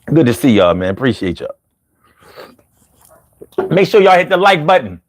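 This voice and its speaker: Hosting a laid-back live stream, a Philadelphia-accented man speaks in a loose, animated way and drawls his words when joking. His voice is on the high side at a moderate pace, with a touch of hiss or hum in the recording.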